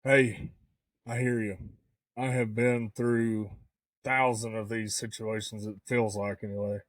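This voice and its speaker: A man co-hosting a podcast, talking in a calm, agreeable way. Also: on the low side, measured pace, no echo, distant mic. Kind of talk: casual chat. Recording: dry voice a bit off mic.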